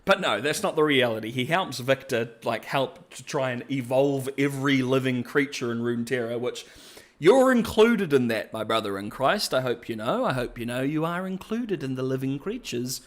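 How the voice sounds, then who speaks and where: A man's voice: mid-range voice, moderate pace, few pauses, fairly bright tone. Chatty man on a podcast. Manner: chatty and jokey, with playful asides. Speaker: podcast host. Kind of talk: casual podcast-style review.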